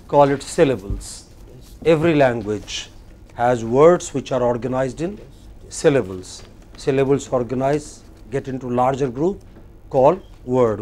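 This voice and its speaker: A man with an Indian English accent teaching a classroom lecture, slow and deliberate, often putting questions to the class. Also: medium pitch, a little mellow.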